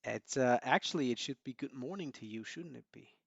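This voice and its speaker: A man's voice: mid-range voice, fairly quick, gravelly, husky, no room sound, dull audio. A man hosting a live stream, chatting casually and greeting viewers by name with frequent chuckles.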